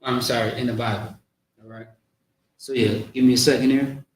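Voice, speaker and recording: A man teaching a religious class, coaching pronunciation with patient repetition and drawn-out sounds. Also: medium pitch, level tone. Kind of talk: pronunciation lesson. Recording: very echoey room, mic far off.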